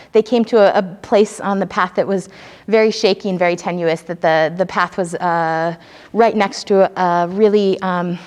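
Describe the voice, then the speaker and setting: Woman, earnest devotional storyteller, mid-pitch, long hall reverb. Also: a little mellow. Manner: earnest, searching for words. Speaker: speaker at a spiritual service. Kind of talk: storytelling talk.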